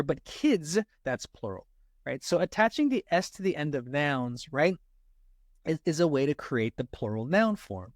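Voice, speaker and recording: A man teaching grammar for a test in a casual lesson, checking in with "right?" after almost every point and slowing down to stress example sentences. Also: medium pitch, no room sound, studio quality. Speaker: SAT tutor.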